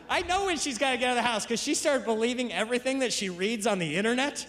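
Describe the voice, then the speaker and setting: A male stand-up comedian telling animated stories to a live audience. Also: very high-pitched, quick pace, few pauses. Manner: animated storytelling. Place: comedy club stage. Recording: echoey venue with audience noise.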